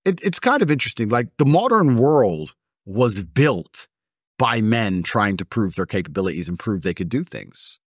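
A man's voice: lowish voice, very animated, moderate pace, husky, dry recording, clean studio sound. A man in his thirties speaking as an interview guest, blunt and emphatic, mocking and acting out other people's voices. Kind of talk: combative conversational interview.

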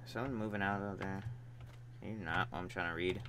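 A man's voice: low voice, fairly even intonation, fast talker. A young man swearing and joking through casual gameplay commentary. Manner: profane, joking, talks to the game. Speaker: gamer. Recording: keyboard and typing noise behind.

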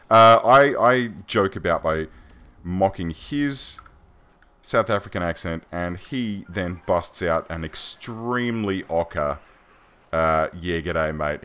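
A man's voice: deep voice, a bit bright. An Australian man giving chatty, rambling gameplay commentary as a let's play host, self-deprecating and loose.

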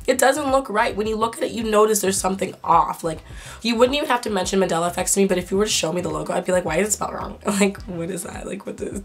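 A young woman vlogging casually to camera, excitable and incredulous, with a sore throat. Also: medium pitch. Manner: excitable, swearing, laughing, incredulous.

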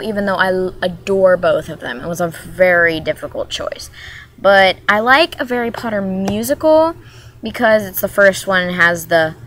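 A woman's voice: fairly low pitch, a bit bright, slight background noise. A woman from Maryland chatting casually in a vlog, talking in a hyper, rambling way that jumps from topic to topic. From Maryland, USA. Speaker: vlogger.

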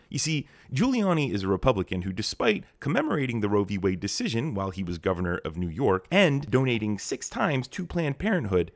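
A man delivers scripted political commentary with a sarcastic, mocking edge. His voice sits on the low side. The sound is dry and close, with no room around it. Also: no echo.

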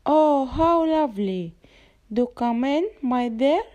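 A woman voicing a cunning male wolf pretending to be a grandmother, in a croaky, cackly voice. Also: high-pitched, animated, slow, mellow. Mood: sly.

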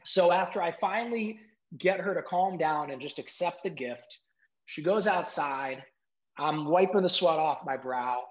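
A middle-aged man telling an emotional story as an interview guest, animated, acting out quotes and using many "like" fillers. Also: a little high, measured pace. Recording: dull lo-fi sound.

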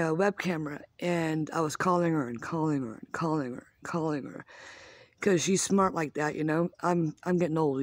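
A woman's voice: low-pitched, dry recording. A woman in her fifties ranting casually at home, rambling, swearing freely and poking fun at herself. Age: 50s. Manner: rambling, profane, self-mocking. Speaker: vlogger. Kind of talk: casual rant.

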